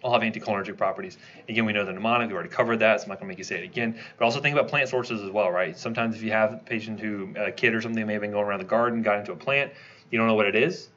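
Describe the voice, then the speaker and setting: A man giving a conversational lecture, quizzing his class with quick questions as he teaches. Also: on the low side, fairly bright tone, dull audio. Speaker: toxicology lecturer.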